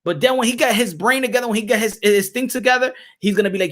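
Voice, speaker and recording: Emphatic, preachy high-voiced man. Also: fast talker. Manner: preachy, emphatic, repetitive, shouts at times. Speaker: boxing commentator and channel host. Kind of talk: animated monologue skit.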